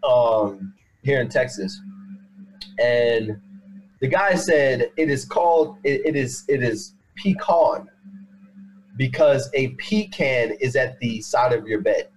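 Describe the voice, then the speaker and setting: A man's voice: mid-range voice, animated, takes it slowly, slight background noise, rough recording. A man hosting a casual chat, teasing and quizzing a guest in a playful way. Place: in Texas.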